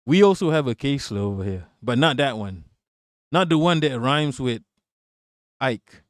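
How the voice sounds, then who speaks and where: A man's voice: medium pitch, expressive, measured pace, dry recording. Ranting live-stream host, man, dry sound. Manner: profane, ranting, talks back to chat. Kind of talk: live political commentary reading chat.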